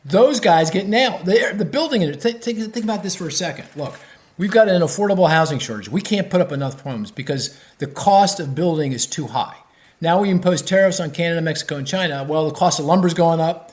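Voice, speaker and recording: A man, an economist guest on a podcast interview, explaining with animated restarts and many fillers. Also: on the high side, brisk.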